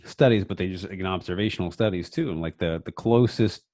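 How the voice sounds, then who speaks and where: Fast-talking deep-voiced man, dry sound. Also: a little mellow, no room sound. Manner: reflective, talks in fillers and restarts. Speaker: podcast co-host. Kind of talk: casual podcast chat.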